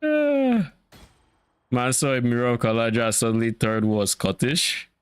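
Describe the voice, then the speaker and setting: A young man chatting casually while playing a game, relaxed, swearing lightly and trailing off mid-thought. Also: medium pitch, normal speed, clean tone, no room sound. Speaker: co-player. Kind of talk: casual gaming chat.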